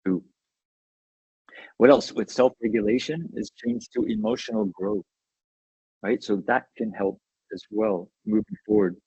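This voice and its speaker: A man's voice: lowish voice, unhurried, pauses often, mellow, breathy edge, no room sound, lo-fi sound. A man giving an educational webinar talk in an enthusiastic, conversational way, often checking in with "right?". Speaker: webinar presenter.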